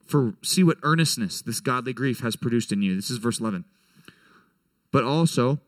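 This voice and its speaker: Casual animated male preacher. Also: medium pitch, fairly quick, no echo. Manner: conversational, animated, frequent "right?" check-ins. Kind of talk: sermon to young people.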